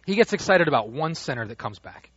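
Husky-voiced pastor preaching a sermon. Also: male voice, on the high side, quick pace, no room sound. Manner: animated, swings from hushed to loud when quoting the father. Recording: dull dry lo-fi sound.

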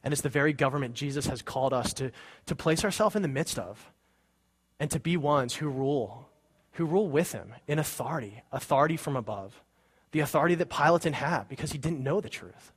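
A man's voice: medium pitch, a little fast, slightly rough. A man preaching a sermon as pastor, earnest and building to fervent emphasis, with casual asides in a church sanctuary.

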